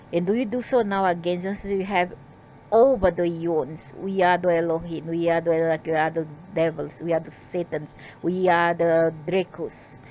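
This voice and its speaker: A woman's voice: lowish voice, fairly even intonation, normal speed, darkish tone, muffled recording, slight background noise. A woman reading out channeled spiritual messages in a rambling way, breaking into defiant, scolding asides.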